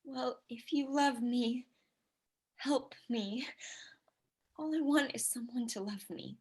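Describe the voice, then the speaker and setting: A woman's voice: high-pitched, expressive, normal speed, fairly bright tone. A woman playing a frightened young bride who pleads emotionally with her father, over a video call. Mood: pleading.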